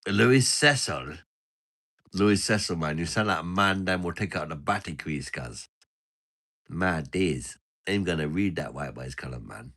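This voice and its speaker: Deep-voiced brash young guy in a mock jamaican accent, a man putting it on, rambling, says "man" and "you know what i mean" constantly. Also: animated, a little slow, a bit bright, exaggerated voice. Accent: mock Jamaican patois.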